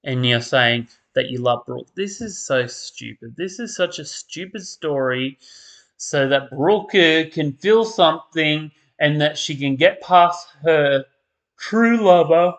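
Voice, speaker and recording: A man's voice: fairly high pitch, slow, fairly bright tone. A man, perhaps, ranting in casual commentary, tired and exasperated, with mocking impressions of characters. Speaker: soap opera commentator.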